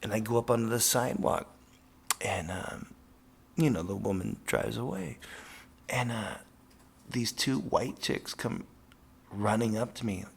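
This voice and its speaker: A professional skateboarder telling a casual, profane, rambling story with lots of fillers. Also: male voice, lowish voice, a little slow, vocal fry, pauses often, husky.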